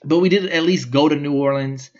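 A man's voice: fairly high pitch, a little fast, darkish tone, dull audio. A young man hosting a podcast, telling stories in a rambling, slangy way and swearing often. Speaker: podcast host. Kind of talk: casual storytelling monologue.

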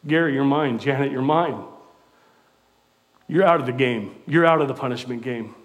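A man's voice: medium pitch, moderate pace, in a large hall, close to an everyday voice. God speaks as a commanding, fatherly figure, announcing his claim in short, repeated lines, as a man puts him on. The voice stays close to an ordinary man's speaking voice. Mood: proclaiming. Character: God calling out substitutions, commanding and fatherly, male.

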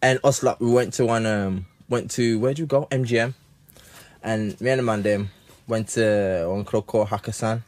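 A man's voice: fairly low pitch, normal speed. A man from the English West Midlands co-hosting a podcast, chatting casually in slang-heavy banter. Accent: Black British English. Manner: animated, repetitive slang-heavy chat. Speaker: podcast co-host.

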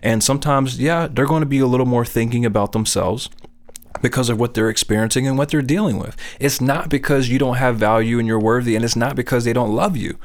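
A middle-aged man talks about faith in an earnest, easygoing way. His voice sits at an ordinary middle pitch, and he often stops to ask whether his listener is following. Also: quick pace. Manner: earnest, conversational, often asks "you know what I'm saying?". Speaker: speaker on faith. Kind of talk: casual faith talk.

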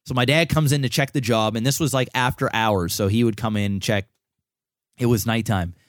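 A man's voice: medium pitch, fairly quick, no echo, studio quality. A young man co-hosting a podcast, telling a long personal story in casual, profane chat full of restarts. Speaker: podcast co-host.

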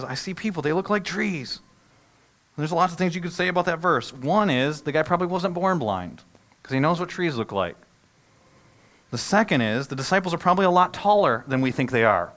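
Preaching in a medium-pitched voice, a middle-aged pastor brings the disciples' reactions to life with animated acting. For solemn moments he lowers to a hush.

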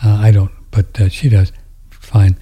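A man's voice: on the low side, little pitch movement, a little slow, dark tone, slightly rough. A man hosting a show and answering viewer questions in a rambling, casual monologue, often trailing off into near-whispers. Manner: rambling, with frequent restarts and drops into near-whispers.

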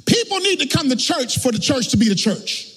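A male pastor delivers a sermon in church with a strikingly high, raspy voice. His pitch leaps and dives as he chants his points in a half-sung cadence, punching the peaks with shouts. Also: big pitch swings, brisk, in a large hall.

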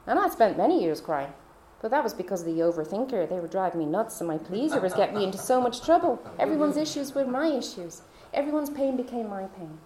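A woman's voice: medium pitch, big pitch swings, fast talker, hardly any pauses, dark tone. A woman podcast host telling her personal faith testimony in a heartfelt, confiding way. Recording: roomy echo.

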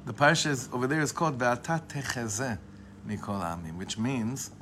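A man teaching a casual religious class in a voice of ordinary middle pitch. He wanders from thought to thought, cuts himself off, and circles back to lean on a key phrase slowly. A faint hiss of noise sits under the voice. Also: a bit bright. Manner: discursive, often restarts and corrects himself; leans on a phrase by repeating it slowly. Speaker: Torah teacher. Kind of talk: informal Torah class.

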